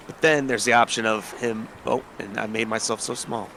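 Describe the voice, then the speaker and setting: A man's voice: on the low side, steady tone, normal speed, gravelly, bright, forceful tone, slight background noise. A man playing a tabletop game, joking in slangy speech. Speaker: player.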